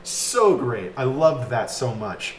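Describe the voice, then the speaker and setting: A man giving a casual, enthusiastic video review of a film, talking like an excited fan. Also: mid-range voice, slow pace, echoey room, slight background noise. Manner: enthusiastic, animated fan talk with fillers.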